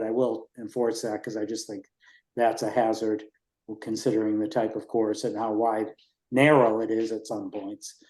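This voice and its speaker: Guy in his 60s rambling thru a committee update, mellow dark voice, echoey meeting room. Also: mid-range voice. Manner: rambling, relaxed, with fillers and restarts. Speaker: race organizer reporting to a town committee. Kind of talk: informal committee meeting report.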